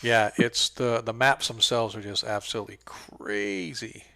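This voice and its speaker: Gravelly man running a tabletop game. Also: lowish voice, level tone, measured pace, bright, forceful tone, no echo. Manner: rambling, trails off while setting up maps. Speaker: game master. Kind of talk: casual pre-game chat.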